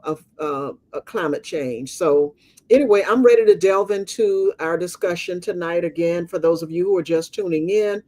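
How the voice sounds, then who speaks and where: A man's voice: high voice, moderate pace, a little mellow. A man hosting an online interview in a chatty, conversational way. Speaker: host. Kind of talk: casual interview.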